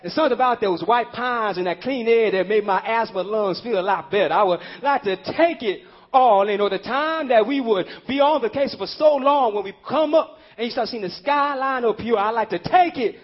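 A man preaching a sermon, emphatic and fervent, repeating his points and rising to shouts. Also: extremely high pitch, brisk. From Illinois. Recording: dull lo-fi audio.

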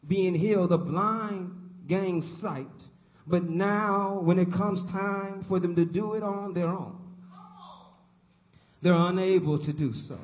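Male preacher with a high voice, repeats lines for emphasis, calls on the congregation, muffled lo-fi recording. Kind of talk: sermon. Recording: dull lo-fi recording.

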